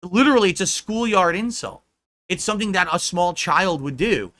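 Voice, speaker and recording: A man on a livestream rants at his critics with profanity and mockery. His voice sits a little high and sounds bright and forceful, with a combative edge. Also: lively intonation, moderate pace.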